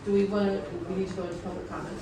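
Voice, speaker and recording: A woman's voice: medium pitch, flat delivery, rapid-fire, far from the mic, very noisy. Conciliatory woman in an echoey meeting room. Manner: conciliatory, apologetic, hesitant with many restarts. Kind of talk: public meeting remarks.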